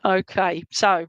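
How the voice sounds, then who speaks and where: A woman's voice: medium pitch, no room sound, lo-fi sound. A woman serving as a spiritualist medium, giving a reading in an online church service in a chatty, reassuring way and often checking in with "okay?" and "all right?". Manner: relays spirit messages in a homely, colloquial way.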